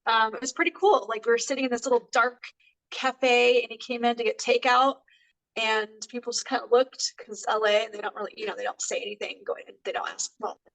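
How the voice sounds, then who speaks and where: A woman with a fairly high voice hosting a casual movie review chat. She rambles in a friendly way, full of ums and asides. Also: steady tone, fairly quick, creaky, a bit bright, rough recording. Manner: chatty, lots of fillers and laughs. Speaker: co-host.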